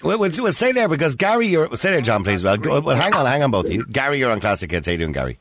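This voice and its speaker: A man hosting a live radio phone-in, briskly steering and cutting in on callers. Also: mid-range voice, very animated, a bit bright, a little hiss or hum.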